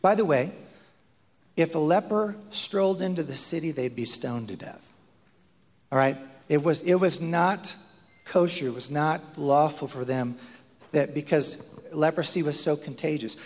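A man delivers a sermon in a slow, unhurried way, his pitch swinging widely as he acts out the voices in his story. His voice sits a little high for a man. A long reverb trails behind every word, like a large church hall. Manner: animated storytelling preacher, acts out quotes, repeats words. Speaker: pastor.

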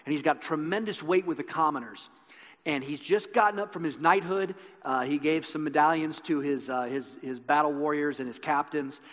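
Earnest preacher in an echoey hall. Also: male voice, a little high, normal speed, a bit bright. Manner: earnest storytelling, building intensity. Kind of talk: sermon. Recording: echoey hall with long reverb.

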